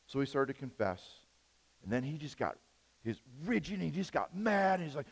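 A man preaching a sermon, telling stories with big swings from quiet to loud. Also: on the high side, brisk, gravelly, slightly rough, big-room sound. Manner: animated storytelling, big swings in loudness. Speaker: pastor.

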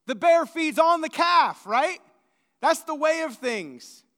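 High, bright-voiced preacher in a reverberant hall. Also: male voice, slow. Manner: storytelling, animated with acted-out quotes. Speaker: pastor. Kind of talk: sermon.

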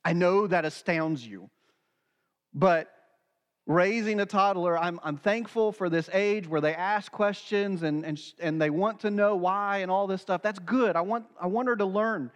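A man's voice: high voice, a little slow, clean tone, big-room sound. A man preaching a sermon as pastor, earnest and acting out quoted dialogue.

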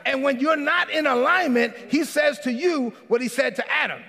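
A man preaching a sermon as a pastor in a church. He preaches emphatically, often shouting, and calls out congregants by name. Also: very high-pitched, normal speed, vocal fry. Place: church sanctuary. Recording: reverberant hall.

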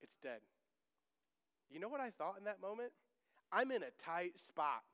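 Middle-aged man, pastor, very high voice, conversational sermon with emphatic bursts, long church echo. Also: sing-song, moderate pace, pushed and bright, clear, resonant tone. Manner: conversational preaching with humorous asides and emphatic outbursts. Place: church sanctuary.

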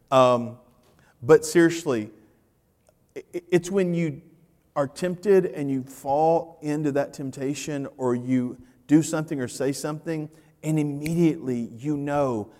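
A man preaching a sermon as pastor, animated, swinging from loud to hushed and repeating his phrases. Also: mid-range voice, normal speed. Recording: reverberant church hall.

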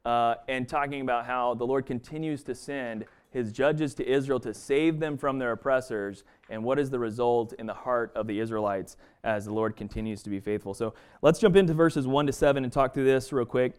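A man teaches a Bible passage in a loose, conversational style, often restarting sentences and using fillers. His medium-pitched voice is clear and resonant, and he talks briskly with hardly any pauses during this casual Bible study.

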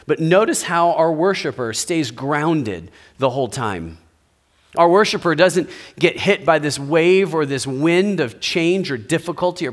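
A pastor giving a sermon, speaking in a conversational way and asking his listeners rhetorical questions. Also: on the high side.

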